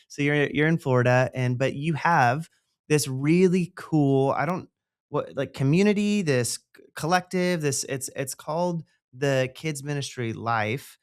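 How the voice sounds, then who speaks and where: A man's voice: a little high, unhurried, clear, resonant tone, no room sound. Chatty male podcast host, dry sound. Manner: enthusiastic, rambling with fillers. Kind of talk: casual podcast interview.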